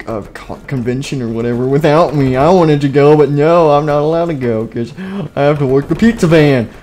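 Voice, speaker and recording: A man's voice: medium pitch, mellow, lightly acted. A man playing a grumpy male animatronic stuck delivering pizzas, grumbling and feeling sorry for himself. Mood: bitter. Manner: grumbling, self-pitying, muttering.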